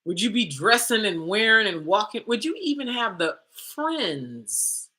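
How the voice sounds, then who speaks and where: A woman's voice: mid-range voice, big pitch swings, measured pace, pushed and bright. A woman hosting a livestream for women, talking bluntly and confrontationally with many rhetorical questions. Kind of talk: livestream talk.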